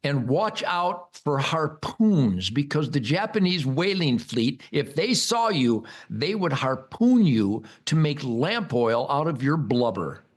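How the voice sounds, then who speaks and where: A man's voice: sing-song, takes it slowly, few pauses. Bombastic older man ranting. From United States. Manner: bombastic, mocking, loud rants with sudden high-pitched outbursts. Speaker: host. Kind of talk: rambling political monologue.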